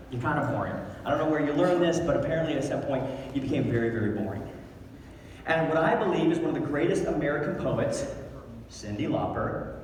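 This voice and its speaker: A middle-aged man giving a loud, brash motivational talk to a crowd, swearing and joking. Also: on the high side, distant mic, slight background noise. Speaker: motivational speaker. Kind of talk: energetic stage talk. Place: large event hall. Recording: echoey hall, mic heard from afar.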